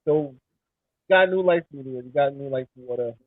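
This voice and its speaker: A man's voice: mid-range voice, moderate pace, no echo. A man co-hosting a casual talk show, replying in brief, supportive remarks. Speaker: co-host. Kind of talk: casual chat. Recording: dull, dry audio.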